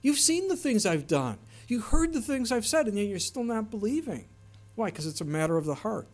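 A man delivering a sermon, his voice sitting a little higher than most men's. He preaches with earnest emphasis, leaning into the scripture he quotes and explains. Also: big pitch swings, a little fast. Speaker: pastor.

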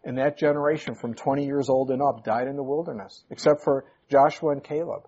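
A man's voice: mid-range voice, fairly quick, mellow, a little hiss or hum. A male pastor preaching a sermon, emphatic, his voice rising sharply on key points. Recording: muffled lo-fi recording.

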